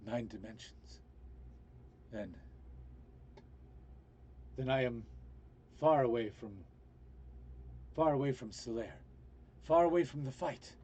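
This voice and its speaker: An anxious, scholarly father, as a man plays him stumbles and restarts, his voice mellow and husky. He talks over an online voice call in a tabletop game. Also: mid-range voice, lo-fi sound. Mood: grave. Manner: hesitant, halting, anxious. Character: worried older male scholar, anxious father.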